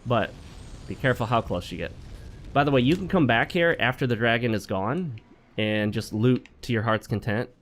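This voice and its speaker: A man's voice: mid-range voice, moderate pace, a bit bright, slight background noise. Wry, chatty male let's-play host. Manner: chatty and wry, joking asides while playing. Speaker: gaming channel host. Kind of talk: let's play commentary mixed with advice talk.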